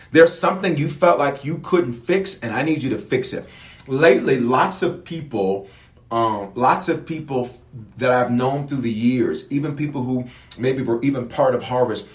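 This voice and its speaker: A man, a bishop, preaching online about grief, listing symptoms one by one and acting out everyday scenes in a lively, conversational way. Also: medium pitch, reverberant. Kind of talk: online sermon teaching on grief.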